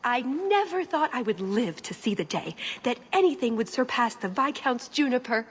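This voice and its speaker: A woman's voice: a little high, animated, normal speed, a little hiss or hum, close to an everyday voice. An actress voicing a sly female rogue in a video game, polite and wry. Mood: scheming.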